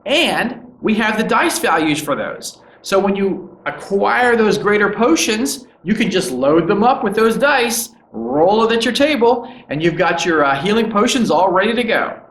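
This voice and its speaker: A man's voice: high voice, expressive, measured pace, few pauses, fairly bright tone, pitched above the performer's own voice. A man voicing a cheery male shopkeeper of a magic shop, with a welcoming sales patter, in an echoey room.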